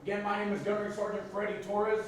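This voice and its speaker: A man from Arizona, a Marine veteran, speaking to a team in a plain, measured way. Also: high voice, completely flat delivery. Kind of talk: speech to a team. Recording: echoey, distant mic, faint noise.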